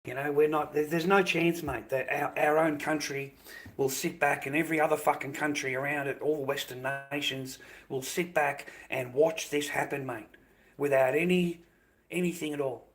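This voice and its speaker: A man's voice: on the high side, fairly even intonation, normal speed. Angry swearing Australian man ranting. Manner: angry, profane, repetitive ranting. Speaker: livestreamer. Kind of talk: livestream rant.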